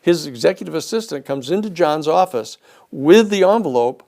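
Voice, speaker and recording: A man giving a storytelling lecture, an animated speaker who acts out the people he quotes. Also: on the high side, moderate pace, creaky.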